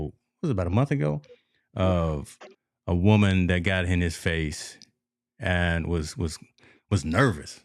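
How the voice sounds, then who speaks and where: A man's voice: deep voice, dry recording, studio quality. A man co-hosting a casual sports talk show, telling stories animatedly and addressing the listeners as folks. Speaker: podcast co-host.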